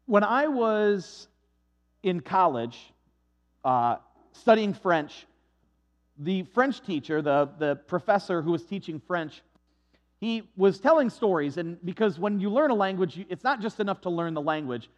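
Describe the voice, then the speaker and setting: High-voiced male preacher, lo-fi. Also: animated, unhurried. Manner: conversational storytelling with frequent restarts. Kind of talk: sermon with Bible reading and personal story. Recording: dull lo-fi recording.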